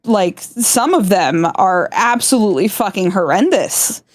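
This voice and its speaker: Woman, mid-pitched, laughing and swearing through casual stream chat, dry close sound. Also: expressive, measured pace, dry recording. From South Florida. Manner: laughs often, swears freely. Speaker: stream guest.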